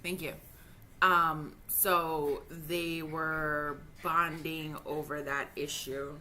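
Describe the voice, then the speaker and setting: Thirty-something woman ranting on her vlog, frustrated, cussing, stammers, bright edgy voice. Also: deep voice, little pitch movement, very slow, a little hiss or hum. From Jamaica. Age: 30s. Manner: frank, heated, swears freely, stammers when upset. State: upset and frustrated. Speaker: vlogger. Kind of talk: emotional personal vlog rant.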